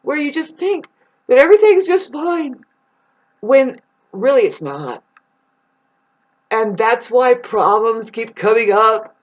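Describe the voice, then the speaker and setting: A woman's voice: on the high side, animated, slow, pauses often. Female vlogger, loose rambling delivery, casual swearing, pet name for viewers, muffled lo-fi recording. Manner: rambling, swears, calls listeners "babes". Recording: dull lo-fi recording.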